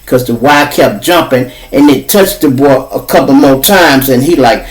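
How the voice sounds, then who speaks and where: A man's voice: mid-range voice, moderate pace, few pauses, recorded from a distance, rough recording. A man with a Chicago accent hosting a podcast, telling a story in a loose, profane monologue and acting out the people he quotes. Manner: profane, animated, acts out quoted voices. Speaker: podcast host.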